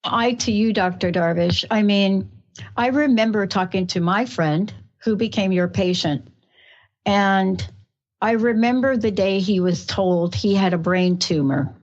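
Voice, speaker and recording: A woman's voice: medium pitch, measured pace. Effusive New York woman radio host. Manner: effusive, emotional, rambling. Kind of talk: talk radio interview. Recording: muffled radio broadcast.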